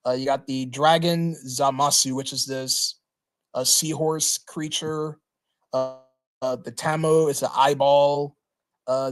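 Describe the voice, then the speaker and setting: A man hosting a livestream, reading through a list in a casual, halting way with lots of "uh" fillers and restarts. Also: fairly high pitch, clear, resonant tone. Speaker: livestream host.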